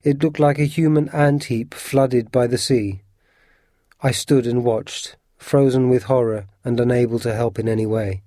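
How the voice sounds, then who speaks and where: A man narrates a storybook in the first person, steady and earnest. His voice is mellow and the recording close and dry. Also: medium pitch, normal speed, dry recording.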